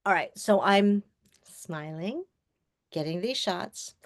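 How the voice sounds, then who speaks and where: A woman in her sixties from Long Island tells her own story as a webinar guest, lively and quick to laugh. She acts out the voices of people in the story. Her pitch sits in an ordinary middle range, and the sound is dry with little room echo. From Long Island, New York. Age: 60s. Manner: lively, acts out quoted dialogue, laughs often. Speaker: guest speaker, filmmaker. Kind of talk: personal storytelling in an interview. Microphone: webinar call microphone.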